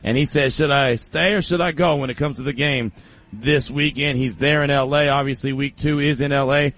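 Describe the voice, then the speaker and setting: A man hosting a sports talk show, loose and jokey with animated banter. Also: medium pitch, moderate pace. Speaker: sports talk radio host.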